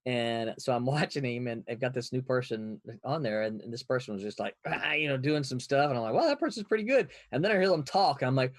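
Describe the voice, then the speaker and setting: A man with an ordinary mid-range voice chats easily on a podcast, pausing on fillers and laughing often. The sound is dry and close to the mic. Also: medium pitch, no room sound. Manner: easygoing, hesitant fillers, frequent laughter. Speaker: podcast co-host. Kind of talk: casual chat.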